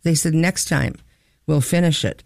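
A woman's voice: low-pitched, normal speed, gravelly, a little mellow, no echo, studio quality. A woman co-hosting a casual radio-style chat, telling rambling stories. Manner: rambling, chatty storyteller. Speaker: co-host.

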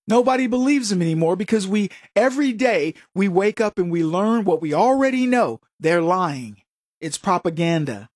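Combative high-voiced male commentator. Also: expressive, fairly quick, no echo, clean studio sound. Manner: combative, sarcastic, mocks opponents in put-on voices. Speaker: political commentary show host. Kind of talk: opinion monologue to camera.

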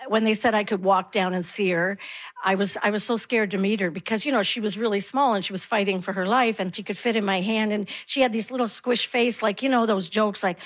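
A woman's voice: mid-range voice, steady tone, fairly quick. A woman in her sixties doing a stand-up comedy set, telling wry stories and acting out the people in them. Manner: wry storytelling, acts out quoted voices.

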